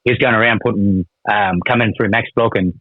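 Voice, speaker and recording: A man with an Australian accent and a lowish voice tells his story at a rapid clip. He rambles and swears freely. The sound is thin and phone-like and very dry. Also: steady tone, no room sound. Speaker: guest, former prisoner. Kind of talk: casual storytelling. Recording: tinny phone-like line.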